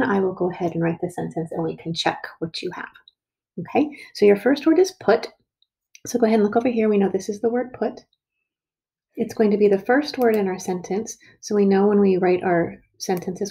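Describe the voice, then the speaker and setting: A woman talks young children through writing a sentence word by word. She is slow and patient and stretches each sound out. Her tone is mellow, with a bit of gravel at the ends of her phrases. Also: medium pitch. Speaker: teacher. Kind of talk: early reading and writing lesson.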